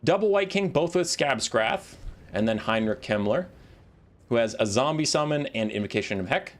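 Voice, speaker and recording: A man giving casual commentary on a strategy game, talking in animated, ranting bursts. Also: medium pitch, moderate pace. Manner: animated, ranting, exasperated outbursts. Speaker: game caster.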